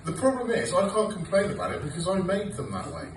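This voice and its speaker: Sarcastic comic telling stories live. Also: male voice, high voice, wildly swooping pitch, quick pace, distant mic, background noise. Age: 40s. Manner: sarcastic, swearing, storytelling. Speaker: stand-up comedian. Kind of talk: stand-up comedy set. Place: comedy club stage with audience laughter. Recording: roomy live club recording from afar.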